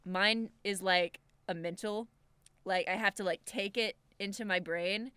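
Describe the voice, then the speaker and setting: A woman's voice: mid-range voice, steady tone, a little slow, bright, forceful tone, clean tone, no echo. A woman co-hosting a comedy podcast, giggly and playful, rambling with lots of "like.". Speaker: podcast co-host. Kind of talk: casual comedic podcast chat.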